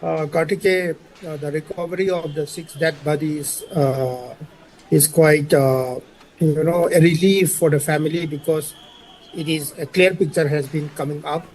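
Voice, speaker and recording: Hesitant man, slightly high. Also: fairly even intonation, measured pace, darkish tone, a little hiss or hum, rough recording. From Manipur. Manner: hesitant, filler-heavy, methodical. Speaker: panelist. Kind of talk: news debate commentary.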